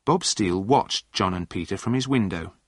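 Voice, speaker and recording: A man narrating a story aloud in a plain, clear reading voice. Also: low-pitched, lively intonation, normal speed, no room sound, studio quality.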